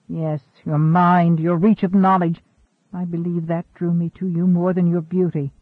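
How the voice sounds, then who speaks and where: A man reads an earnest young man under thirty, pleading and stammering in desperation. His voice sits high and comes through a tinny, phone-like band. The sound is dry. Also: flat delivery, measured pace, dry recording. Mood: desperate. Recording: tinny narrow-band recording.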